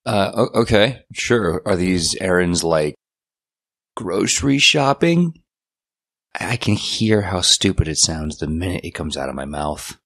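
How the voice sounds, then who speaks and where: Man playing a stammering, gravelly new vampire. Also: low-pitched, sing-song, unhurried, a bit bright, no room sound, heavily acted. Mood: fretful. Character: newly turned young male vampire, goofy and anxious. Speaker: player voicing a character.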